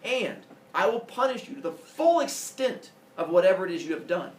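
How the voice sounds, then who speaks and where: A man voicing a stern older male judge who lectures in a booming, emphatic way. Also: big pitch swings, normal speed. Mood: forceful. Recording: echoey room, voice from far off.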